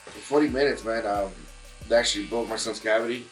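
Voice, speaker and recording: A man's voice: lowish voice, fast talker, faint music behind, rough recording. A man, a guest musician in casual chat in a barbershop, telling a long story with many fillers and restarts.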